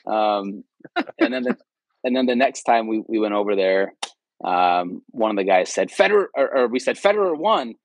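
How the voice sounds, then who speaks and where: Podcast guest, man, low-pitched, chatty and rambling, dry close sound. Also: big pitch swings, normal speed, gravelly, no echo, poor audio. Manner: rambling, many ums and restarts. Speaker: podcast guest, returned missionary. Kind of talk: casual storytelling interview.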